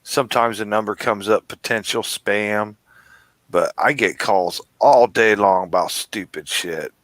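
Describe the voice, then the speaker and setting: A man's voice: fairly low pitch, unhurried, a bit bright, dry recording. An older man griping in a casual podcast chat, swearing freely. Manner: gripes with heavy swearing. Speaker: podcast co-host.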